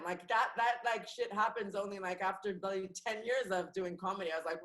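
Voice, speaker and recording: A young woman comedian from France with an international English accent, chatting on a podcast, lively with many fillers and restarts. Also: medium pitch, brisk, few pauses, poor audio. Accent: international English, no French accent. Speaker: comedian and actress guest. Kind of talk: casual podcast chat.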